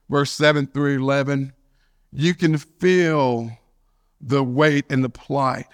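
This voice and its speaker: A male pastor giving a storytelling sermon, moving from a childhood anecdote into scripture. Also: medium pitch. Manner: storytelling, animated, with shouted quotes of a friend's catchphrase.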